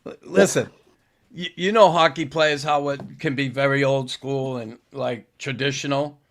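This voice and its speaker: A man's voice: mid-range voice, fairly even intonation, measured pace, fairly bright tone. A man hosting a sports podcast, asking leading questions in a casual chat and laughing often at his guest's stories. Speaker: podcast host, former hockey player.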